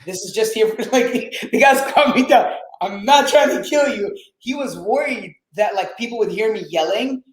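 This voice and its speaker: A man whose first language is Arabic, telling his story as a podcast guest in a lively, swearing, casual way and acting out quotes. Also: very high-pitched, moderate pace, few pauses, roomy sound, rough recording. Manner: animated, swears, acts out quotes.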